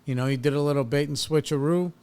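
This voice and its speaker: A man's voice: fairly high pitch, steady tone, fast talker, a little mellow, clear, resonant tone. A man in his thirties hosting a podcast, telling a personal story in a blunt, profane, casual way and reliving an argument with rising heat. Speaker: podcast host.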